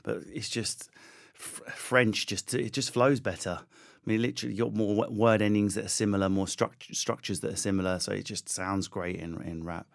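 A comedian with an Essex accent, chatting as a guest in a relaxed interview, riffing playfully on stereotypes. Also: male voice, on the low side, normal speed, creaky. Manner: animated, jokey, riffs on stereotypes. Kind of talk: casual interview chat.

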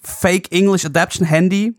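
A man speaks English in casual podcast chat. His pitch sits a bit high. He talks hesitantly, often searching for words, and the sound is dry and close. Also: steady tone, brisk, no echo. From Germany. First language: German. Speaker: podcast co-host.

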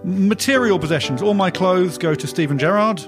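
A man hosting a comedy music podcast in a studio, rattling through absurd bits with a deadpan manner. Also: high-pitched, moderate pace. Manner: deadpan, rambling absurd jokes. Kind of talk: comic banter in a music podcast. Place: recording studio.

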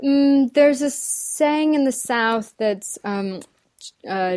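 A woman's voice: sits high, expressive, very slow, a little mellow. A woman working as an accent and dialect coach, talking thoughtfully in a casual interview, with many ums and restarts. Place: lives in the UK.

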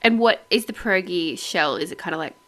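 A woman's voice: fairly low pitch, expressive, brisk, fairly bright tone. An Australian woman hosting a podcast, chatting casually, laughing often and rambling a little. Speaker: podcast host. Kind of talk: casual chat.

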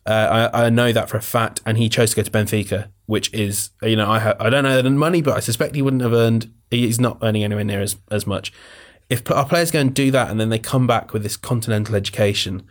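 A man's voice: on the low side, steady tone, fast. A man hosting a casual football podcast, talking passionately and rambling with restarts. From England. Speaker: podcast host.

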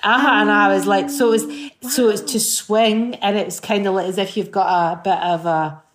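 A woman in her fifties with a Glaswegian Scottish accent, a guest in a casual interview, telling stories in an animated, chatty way with many restarts. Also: medium pitch, normal speed, crowd noise. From Scotland. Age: 50s. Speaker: guest singer.

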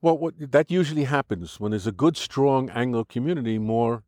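An older American man talks through his views in an interview, firm and insistent, often breaking off and restarting his sentences. His voice is mid-pitched, and the sound is close and dry with no room in it. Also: brisk, mellow, dry recording. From United States. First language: English. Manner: argumentative, explanatory, frequent restarts. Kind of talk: conversational interview.

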